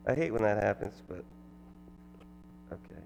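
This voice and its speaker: A man's voice: fairly low pitch, big pitch swings, moderate pace, creaky, a little mellow, a little hiss or hum. A man giving a casual, joking testimony to his old church congregation, with fillers and restarts. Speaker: former elder and guest speaker at his old church. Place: church sanctuary. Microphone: headset or ear mic. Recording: long reverb of a large church.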